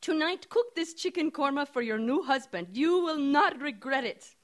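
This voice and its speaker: A woman's voice: high voice, animated, normal speed, pitched above the performer's own voice. A woman voicing an eager, dramatic Indian shopkeeper woman with an Indian accent. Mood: enthusiastic.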